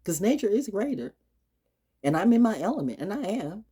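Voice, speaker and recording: A woman speaking in an unscripted vlog monologue, blunt and profane, swinging from loud challenges to low, muttered asides. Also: very animated, moderate pace, breathy edge. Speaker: astrology vlogger. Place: outdoors. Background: birds.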